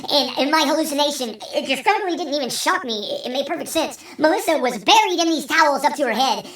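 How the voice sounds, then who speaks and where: High, bright-voiced woman telling wild stories. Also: fast. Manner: animated, profane, rambling. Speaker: vlog host. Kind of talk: storytelling vlog. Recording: roomy sound, distant from mic.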